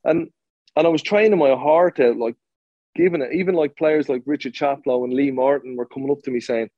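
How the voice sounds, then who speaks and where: A man's voice: mid-range voice, a little fast, warm tone, dry recording, lo-fi sound. A man who played professional football, telling a story in an interview, blunt and swearing freely, with lots of restarts.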